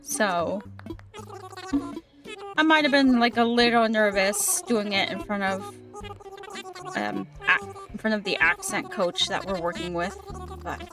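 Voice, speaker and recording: Chatty woman streamer over soft music. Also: medium pitch, sing-song, a little slow, pauses often. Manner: chatty, reads chat aloud, repeats herself. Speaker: gaming streamer. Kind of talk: casual livestream chat.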